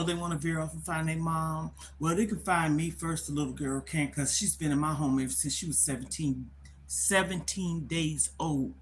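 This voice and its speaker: A woman's voice: low-pitched, a little hiss or hum. An older woman, talking emphatically on a livestream, often repeating herself and circling back to her point. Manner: emphatic, repetitive, conversational. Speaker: livestream host. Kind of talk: casual livestream storytelling.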